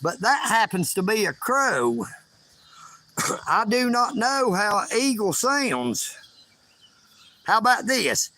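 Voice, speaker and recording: A man rambling loudly and emphatically on a livestream from his bedroom. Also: sits high, sing-song, takes it slowly, long pauses. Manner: loud, emphatic, self-promoting.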